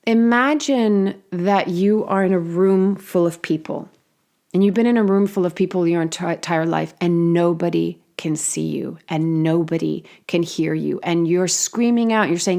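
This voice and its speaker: A woman's voice: lowish voice, normal speed, vocal fry, a little mellow. A woman giving a reflective monologue on healing, talking earnestly and casually, with frequent fillers and the odd swear word. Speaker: spiritual healing host.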